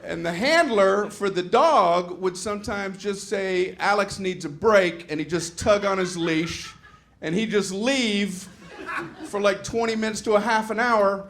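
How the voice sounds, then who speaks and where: A middle-aged stand-up comedian works a live room, his voice sitting a bit high for a man. He tells the story with animated, exasperated energy and slips into quick acted-out voices. A faint hum of live-show noise sits under him. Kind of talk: stand-up routine. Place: comedy stage with audience laughter.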